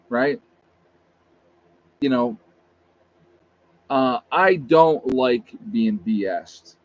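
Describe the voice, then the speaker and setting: Blunt male livestream host, mid-pitched, casual emphatic rant, slightly muffled lo-fi sound.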